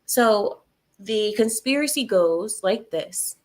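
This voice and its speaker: A woman's voice: mid-range voice, moderate pace. A woman hosting a livestream, reading viewer comments aloud and answering them in a sarcastic, laughing way. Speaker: livestream host reading chat.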